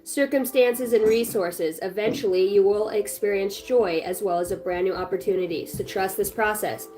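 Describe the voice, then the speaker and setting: A woman's voice: mid-range voice, normal speed, warm tone. A woman giving a casual, blunt, encouraging tarot reading at home, swearing freely. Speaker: tarot reader. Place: home with her small child nearby.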